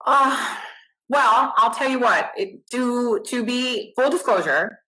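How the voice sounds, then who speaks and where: A middle-aged woman, a nurse guest, chatting casually in an interview, animated and self-deprecating. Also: on the high side, takes it slowly, rough recording.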